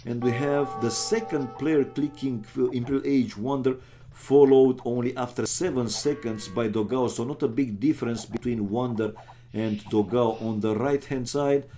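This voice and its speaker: A man who is not a native English speaker casting a live strategy game, excitable and chatty, with sudden bursts of exclamations and joking asides to viewers. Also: mid-range voice, normal speed, faint music behind. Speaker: game caster.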